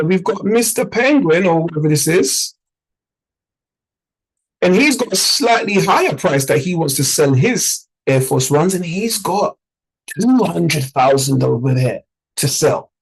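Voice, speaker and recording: Man teaching trading, animated. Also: high voice, low-quality recording. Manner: animated, explains with everyday analogies and repeated sound effects. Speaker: trading educator. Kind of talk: informal teaching talk.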